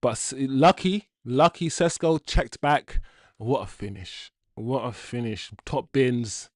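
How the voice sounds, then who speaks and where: A young man streaming a live football watchalong, talking to viewers in slang and swinging between mutters and loud outbursts. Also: medium pitch, takes it slowly, dry recording, studio quality. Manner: loud swings from groans to shouts, slang-heavy.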